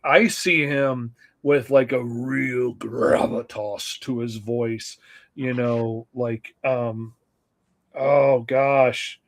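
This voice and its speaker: A man co-hosting a casual live stream, talking enthusiastically and rambling with many fillers. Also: fairly high pitch. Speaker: co-host.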